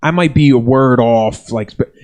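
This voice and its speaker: A man from South Philadelphia co-hosting a casual comedy podcast, telling stories in an animated way and repeating words as he gets worked up. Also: mid-range voice, normal speed. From South Philadelphia, USA. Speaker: podcast co-host, stand-up comic. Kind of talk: casual chat, storytelling.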